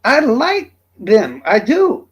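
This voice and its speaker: Man, streamer, husky voice, high and lively pitch, profane, combative rant. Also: slow. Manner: profane, combative, addressing chat directly. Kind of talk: ranting livestream monologue.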